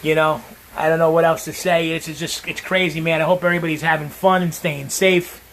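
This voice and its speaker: A man's voice: on the high side, little pitch movement, brisk, creaky, a bit bright, slight background noise. Brash profane man cooking at home. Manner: brash, profane, talks straight to viewers. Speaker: home cook. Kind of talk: casual cooking livestream chat. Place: home kitchen.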